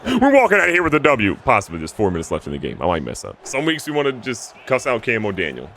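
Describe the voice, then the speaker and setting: Animated man doing game commentary. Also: fast. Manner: animated, jokey, swings between loud outbursts and low mutters. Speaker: gaming YouTuber. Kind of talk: excitable video game commentary.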